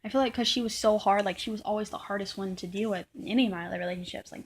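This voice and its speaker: Young woman vlogger, husky and breathy, rambling and reflective, restarting her sentences often. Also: medium pitch, very fast, hardly any pauses. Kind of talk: personal confessional vlog.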